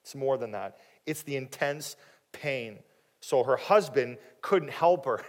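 A man preaching a sermon, animated and dramatic, acting out the people in the story and dropping quiet for questions to the listeners. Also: measured pace. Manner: animated, acting out quoted voices with big swings in pitch and loudness. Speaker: pastor.

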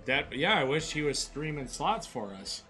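A man co-hosting a slot stream, chatting casually with rowdy, profane excitement and hyping up the chat. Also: fairly high pitch, moderate pace, music in the background.

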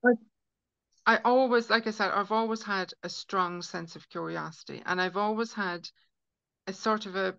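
A woman with a medium-pitched, somewhat bright voice and vocal fry talks at normal speed. She's a healer appearing as a podcast guest, speaking earnestly in casual conversation and acting out inner voices while she explains, in dull, dry lo-fi audio.

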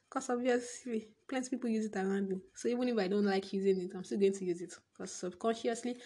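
A young woman with a Nigerian English accent talks straight to her viewers in a loose, rambling vlog monologue. Her voice sits a little high, and she skips from one half-finished thought to the next, laughing and swearing as she goes. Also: a little mellow. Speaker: vlogger.

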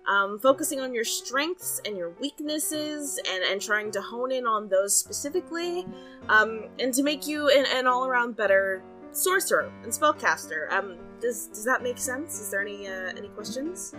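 A woman's voice: a little high, animated, normal speed, sharp tone, soft background music. A woman voicing an earnest female magic professor who rambles with many fillers.

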